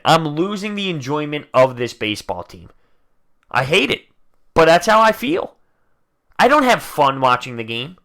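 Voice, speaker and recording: A man with a somewhat high, very bright and forceful voice hosts a fan reaction vlog, speaking straight to the camera. He sounds frustrated, sinking into low, muttered complaints and then bursting out loudly. His delivery is blunt and heated. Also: big pitch swings, moderate pace. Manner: frustrated, swings between low grumbling and loud outbursts. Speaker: sports fan video host. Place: indoors, talking to camera.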